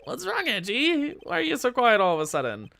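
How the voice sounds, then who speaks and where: A man's voice: extremely high pitch, huge pitch swings, fairly quick, creaky, sharp tone, no room sound, full character voice. A man voicing a goofy, lovesick young man who talks in a whiny, flustered way. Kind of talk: game dialogue read-along.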